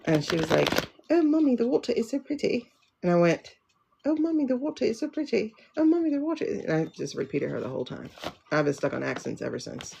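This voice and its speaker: A woman's voice: low-pitched, vocal fry, a little mellow, slight background noise. A woman hosting a casual livestream chat. She talks in a rambling, chatty way and often breaks off mid-sentence. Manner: rambling, self-interrupting, chatty. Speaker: livestream host and tarot reader.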